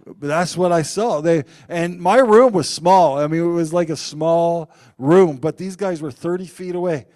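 A man preaching a sermon, telling personal stories in an animated way and acting out the quotes loudly. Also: a little high, moderate pace.

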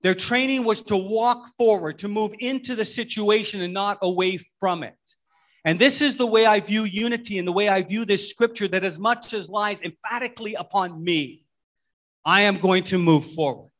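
Male pastor, middle-aged, slightly high voice, halting sermon delivery full of restarts, folksy storyteller. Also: fairly bright tone. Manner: halting, repeats words and restarts often.

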